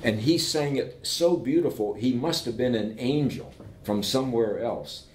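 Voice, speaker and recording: A man, an invited professor, telling stories in conversation and checking in with his listeners as he goes. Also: moderate pace. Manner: animated anecdotes, keeps checking in with "okay?". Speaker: invited professor speaking with entrepreneurs. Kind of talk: conversational storytelling. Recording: roomy echo with faint rumble.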